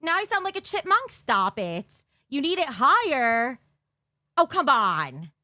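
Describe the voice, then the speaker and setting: A high-pitched woman streams live from her bedroom on a desk mic, chatting and giggling with viewers. Her voice is dry and close, with no room echo at all. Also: sing-song, unhurried, pushed and bright. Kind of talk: casual live-stream chat.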